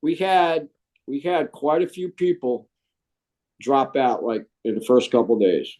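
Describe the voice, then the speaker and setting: In a relaxed interview, a middle-aged man who served in the Marines shares lively, humorous stories, peppering them with "man." He speaks at a measured pace in a mid-range voice, captured on a rough recording.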